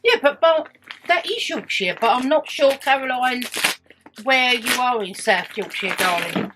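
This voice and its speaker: Chatty middle-aged English mum. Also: female voice, sits high, expressive, measured pace, background noise. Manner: chatty, homely. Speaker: vlogger's mother. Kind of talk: casual chat. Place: home.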